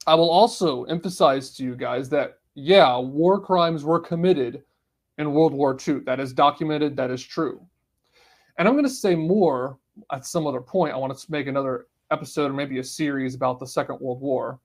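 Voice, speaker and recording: Male podcast host, slightly high voice, firm and emphatic solo commentary. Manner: emphatic, declaring positions point by point.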